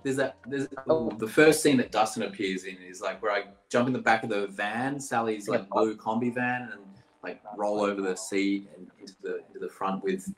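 A man in his thirties from Brazil, an actor appearing as a guest on a video call, speaks at a normal speed with a fairly low pitch. He rambles through casual stories, relaxed and full of "like" fillers, in a low-quality recording with an echoey room.

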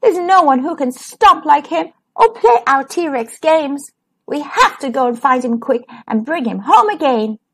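A woman's voice: high voice, expressive, a little slow, fairly bright tone, heavily acted, low-quality recording. A woman voicing a male T. rex who is the hero's best friend, earnest and urgent in a storybook reading. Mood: determined.

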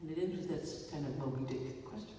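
A woman's voice: low-pitched, fast, dark tone. Wry woman talking in an echoey hall. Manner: wry, rambling storyteller with playful asides. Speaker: filmmaker speaking after a screening. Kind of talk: stage talk to an audience. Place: large theater hall. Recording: echoey hall from far off, faint noise.

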